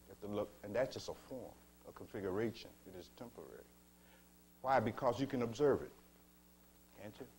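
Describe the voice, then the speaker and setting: A man gives a slow, measured spiritual teaching talk, asking his listeners rhetorical questions and calling them beloved. His voice is medium-pitched and darkish, with a breathy edge.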